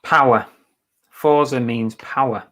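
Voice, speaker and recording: A man's voice: mid-range voice, fairly even intonation, takes it slowly, a bit bright, low-quality recording. An English man from the UK, chatting casually and bluntly on a live stream while listing items for resale and reading out viewers' comments. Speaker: eBay reseller livestreaming.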